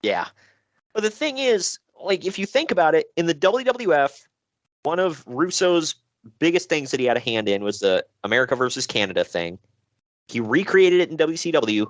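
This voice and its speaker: A man co-hosting a casual wrestling podcast, his pitch bouncing all over as he chats. He laughs often and drops into goofy voices for jokes. The sound is close and dry, with no room around it. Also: sing-song, moderate pace, no room sound. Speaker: podcast co-host.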